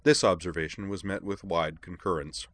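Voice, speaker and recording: A man reading a story aloud as narrator, with steady, even delivery. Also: low voice, moderate pace.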